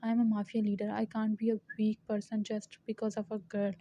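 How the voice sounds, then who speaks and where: Flat-voiced woman reading fan fiction. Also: mid-range voice, a little fast, slight background noise. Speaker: story reader. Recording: dull lo-fi recording.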